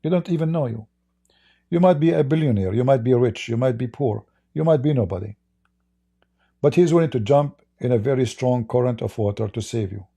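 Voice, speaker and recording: A man's voice: mid-range voice, a little fast, creaky, dark tone, slightly rough. A man with an Arabic accent hosting live-stream debate commentary, emphatic and full of rhetorical questions to his audience. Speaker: Christian apologist host.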